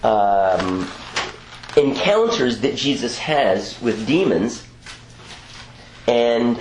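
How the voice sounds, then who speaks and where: A man's voice: medium pitch, very animated, extremely slow, echoey room, a little hiss or hum, low-quality recording. A man preaching a teaching sermon in a conversational way, with frequent asides and self-corrections.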